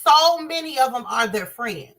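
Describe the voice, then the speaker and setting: A woman's voice: a little high, lively intonation, normal speed, fairly bright tone. A woman, speaking passionately to her viewers and calling them y'all. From Southern US. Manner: impassioned, addresses viewers as y'all. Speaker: commentator. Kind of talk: emotional commentary to viewers.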